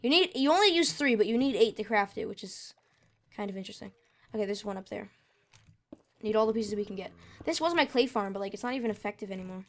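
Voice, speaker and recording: A woman plays a video game and comments casually, rambling, talking to herself, and getting easily frustrated with lag. Her medium-pitched voice is animated and fast.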